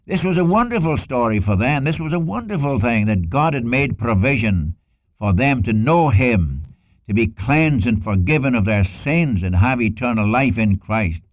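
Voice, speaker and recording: A man's voice: mid-range voice, expressive, moderate pace, no echo. A man preaching a sermon in an earnest way, quoting scripture with dramatic emphasis and repeating lines for weight. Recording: dull lo-fi dry recording.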